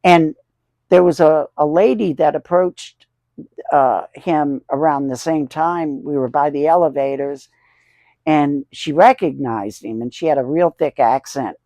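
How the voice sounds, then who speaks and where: A man's voice: fairly high pitch, unhurried, dark tone, no room sound. A man in his sixties telling rambling, chuckling anecdotes as the host of a casual collector vlog.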